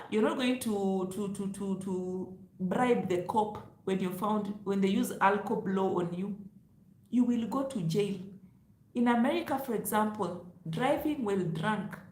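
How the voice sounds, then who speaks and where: A woman with a lilt speaks straight to her viewers, loud and emphatic, scolding and teasing in turn. Her voice sits in a middle register and rings out in a roomy space. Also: medium pitch. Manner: loud, emphatic, lecturing with laughs. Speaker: travel vlogger. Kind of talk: direct-to-camera advice vlog.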